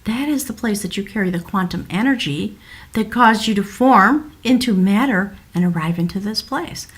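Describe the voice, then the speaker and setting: A middle-aged woman giving a spiritual tarot reading, effusive and wandering, sometimes dropping into a soft whisper. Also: medium pitch, lively intonation, normal speed. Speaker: tarot reader.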